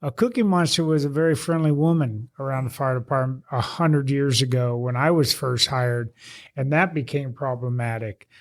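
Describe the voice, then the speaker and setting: A man's voice: mid-range voice, moderate pace. A man and retired fire officer telling stories in a casual chat, rambling and restarting as he goes. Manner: animated, rambling storyteller with restarts.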